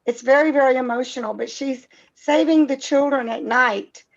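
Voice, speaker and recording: A woman's voice: high-pitched, moderate pace, creaky. A woman speaking earnestly and reassuringly on a group video call. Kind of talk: casual group chat. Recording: dull, lo-fi video call audio.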